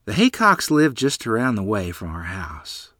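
A man's voice: on the low side, huge pitch swings, moderate pace, sharp tone, dry recording, studio quality. A man reading a rural family memoir aloud as storyteller, voicing the people in it.

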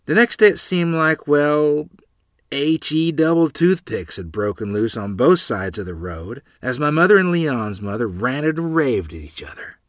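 A man reading his own childhood memoir aloud in a lively storytelling manner. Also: medium pitch, unhurried, no echo, clean studio sound. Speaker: narrator.

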